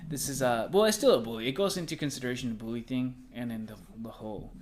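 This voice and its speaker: A young man co-hosting a podcast, telling work stories in a rambling, profane, animated way. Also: medium pitch, fast talker. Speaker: podcast co-host. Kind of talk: casual podcast chat.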